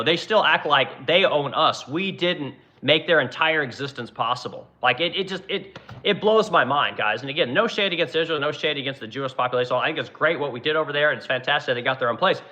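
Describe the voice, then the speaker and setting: A man holds forth on a ranting livestream, blunt and combative, cursing freely as he answers chat. His voice is bright and forceful, and the recording sounds dull and lo-fi. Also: on the high side. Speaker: furniture manufacturer and livestream host.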